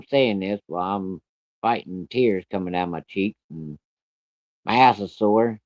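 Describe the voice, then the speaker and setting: A man with a low voice tells a personal story bluntly and plainly, swearing as he goes. The sound is dry and close, on a dull, lo-fi recording. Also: a little slow, dry recording. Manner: plain-spoken, blunt, cursing.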